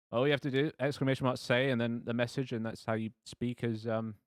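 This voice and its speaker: A man's voice: mid-range voice, smooth, no echo, studio quality. A man in a casual, laid-back chat with viewers while running a tabletop game. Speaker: game master and streamer.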